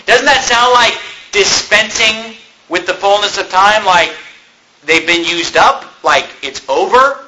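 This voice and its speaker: A male pastor preaching a sermon, impassioned and animated, with mocking asides. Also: high-pitched, a little slow, a little hiss or hum, low-quality recording.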